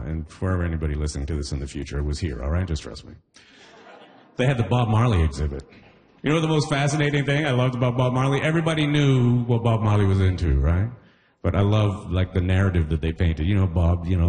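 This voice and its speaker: A man's voice: low voice, fast, a little mellow. A Caribbean-born man performing a stand-up comedy set, chatty and loose, tossing in "you know what I mean" often.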